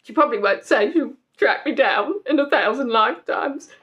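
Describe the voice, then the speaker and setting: A woman's voice: on the high side, lively intonation, normal speed, highs cut off. A young woman hosting a casual quiz, chatty and joking as she reads out the players' answers. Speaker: quiz host. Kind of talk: casual live quiz chat.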